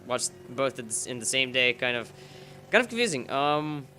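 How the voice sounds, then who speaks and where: A man's voice: mid-range voice, sing-song, moderate pace, bright, forceful tone, a little hiss or hum. A man giving let's-play commentary over a racing game, rambling and joking at his own expense. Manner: rambling, self-mocking, jokey.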